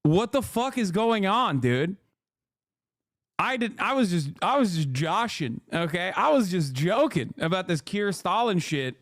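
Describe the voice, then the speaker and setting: A man's voice: sits high, very animated, measured pace, a bit bright, no echo, clean studio sound. A man, streaming and riffing in a rambling, profane, joking way over clips. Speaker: streamer host. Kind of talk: live-stream reaction commentary.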